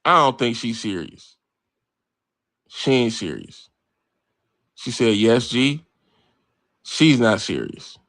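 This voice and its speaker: A man's voice: mid-range voice, slow pace, long pauses, dry recording, clean studio sound. Brash man riffing to his live chat. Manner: brash, animated, reads and answers chat, swears freely. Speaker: livestream host. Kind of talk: casual profane sports talk to live chat.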